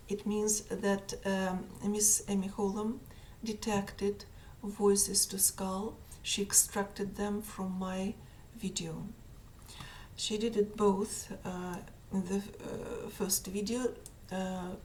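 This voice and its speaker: A woman hosting her own channel, talking alone to camera as she reads from a document and comments on it, pausing often with fillers. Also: medium pitch, a little mellow, slight background noise. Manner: halting, with frequent pauses and fillers. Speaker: channel host. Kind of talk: solo monologue reading and commenting on a document.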